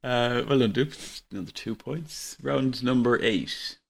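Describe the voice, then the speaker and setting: An Irish man hosting a casual podcast football quiz, relaxed and chuckling, slightly tipsy. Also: mid-range voice, unhurried, gravelly. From Ireland. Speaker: quiz host.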